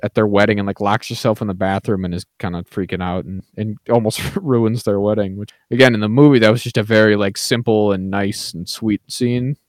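A man's voice: lowish voice, fairly even intonation, a little fast, few pauses, no echo. A man co-hosting a podcast, chatting casually about a film and often saying "like I said" and "right?". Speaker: podcast co-host.

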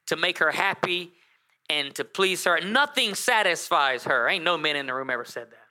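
Male pastor, sermon delivery, bright forceful voice, animated storyteller with playful asides. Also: a little high, moderate pace.

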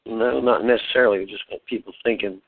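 A male guest on a call-in show, giving short, halting answers and repeating words. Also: on the low side, steady tone, vocal fry. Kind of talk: casual radio chat. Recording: tinny phone line.

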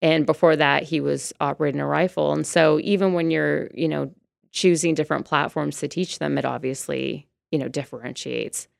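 Low gravelly woman, chatty and relaxed. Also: normal speed, no echo, clean studio sound. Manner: chatty, many fillers and restarts. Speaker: firearms instructor and brand ambassador. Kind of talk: casual interview answers.

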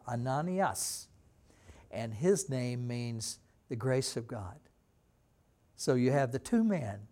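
A man preaching a sermon as pastor, teaching slowly and acting out quoted lines with dramatic emphasis. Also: mid-range voice, darkish tone. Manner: slow, deliberate teaching with dramatic voiced quotes. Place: church.

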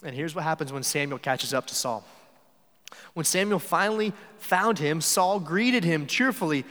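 A man's voice: a little high, animated, moderate pace, fairly bright tone. Man preaching in a reverberant hall. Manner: conversational, acts out quoted lines. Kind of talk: sermon.

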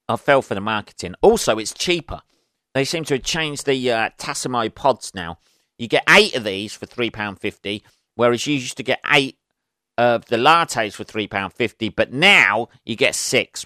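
A man's voice: on the low side, normal speed, sharp tone, no room sound, studio quality. A man hosting a casual solo podcast, ranting with lots of swearing and exasperation. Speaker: podcast host.

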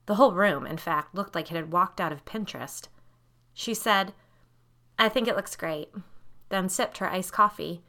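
A woman podcast host narrating a spooky story in a measured, wry storytelling manner. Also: fairly low pitch, pushed and bright.

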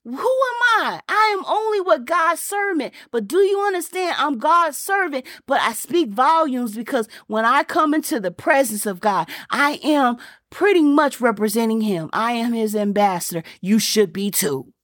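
Expressive and moderately paced, a woman pastor with a high-sitting, slightly bright voice preaches a fervent sermon. She repeats points and fires rhetorical questions in a casual, folksy way, dropping Southern-style y'all and ain't. The sound is clean studio audio with no room sound.

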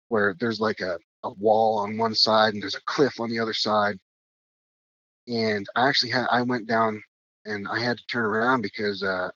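A man's voice: on the low side, fairly bright tone, no room sound, lo-fi sound. A man recounting a strange experience as a podcast guest, rambling with many fillers and restarts. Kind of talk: casual storytelling.

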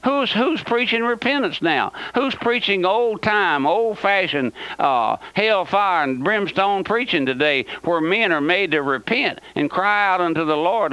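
Fiery high-voiced radio preacher. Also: male voice, expressive, unhurried, hardly any pauses, pushed and bright, clean tone, no room sound. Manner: impassioned, repeats phrases, calls listeners "my friend". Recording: dull dry radio recording.

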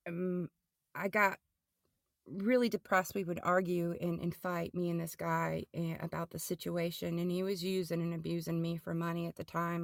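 A middle-aged woman telling her personal testimony as a podcast guest, halting and often restarting or repeating words. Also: fairly low pitch, creaky, no echo, clean studio sound.

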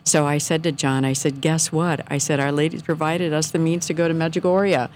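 Middle-aged woman guest, lower voice, sincere and animated storyteller. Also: a little fast, slight background noise. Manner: earnest, animated storytelling with quoted thoughts. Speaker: guest telling her story. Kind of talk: casual faith testimony.

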